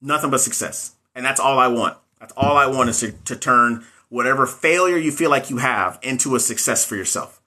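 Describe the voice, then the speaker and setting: Man, bright tone, middle pitch, casual live-stream coaching, motivational, chats with viewers. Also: a little fast. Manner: motivational, talks straight to viewers, reads out comments.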